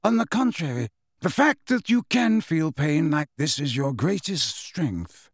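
A man reading an audiobook, voicing a calm, gentle old wizard headmaster who speaks slowly. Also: a little high, breathy edge, dry recording, clean studio sound, exaggerated voice. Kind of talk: audiobook character voice.

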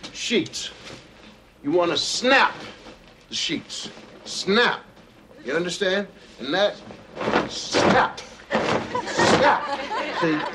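A man's voice: fairly high pitch, heavy background noise, full character voice. An actor playing a playful middle-aged father in a family sitcom, teasing his kids and lecturing them in mock-serious fashion. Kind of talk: sitcom acting before a studio audience. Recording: loud studio audience laughter behind.

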